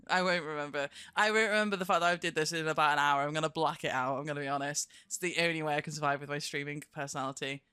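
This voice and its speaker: A woman's voice: deep voice, fairly even intonation, quick pace, pushed and bright, clean tone, dry recording. Giggly woman streamer, dry close mic. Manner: chatty, giggly, self-mocking. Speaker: live streamer. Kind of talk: casual live-stream chat. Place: home streaming room. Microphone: streaming microphone.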